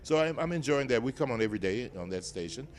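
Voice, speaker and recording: A man's voice: mid-range voice, lively intonation, fast, a little hiss or hum. An older man from Nashville with a Southern accent, a guest chatting playfully and teasing in an interview at an event. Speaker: guest, TV show host. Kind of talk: casual interview chat. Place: event venue, indoors.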